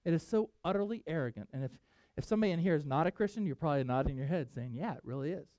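Animated, high-voiced male preacher. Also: racing, no echo. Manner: emphatic, animated, conversational preaching. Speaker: pastor. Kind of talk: sermon.

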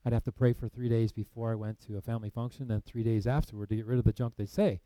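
A man's voice: medium pitch, steady tone, fast talker, dark tone, no room sound, poor audio. A man in missionary work telling his personal faith testimony in an earnest storytelling way, acting out past conversations between frequent fillers. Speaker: missionary ministry leader.

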